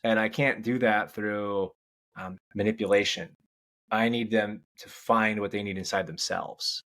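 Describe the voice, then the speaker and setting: A man's voice: lowish voice, steady tone, measured pace, fairly bright tone. A man, a podcast guest, telling long stories in casual interview talk, rambling and restarting, often checking in with "right?". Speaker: podcast guest, change coach.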